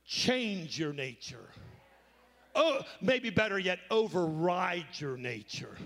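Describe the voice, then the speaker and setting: A male pastor delivers a sermon, his fairly high voice rising in intensity as he quotes scripture. He takes his time, stretching words slowly. The sound rings with the long reverb of a church sanctuary. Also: sing-song, fairly bright tone.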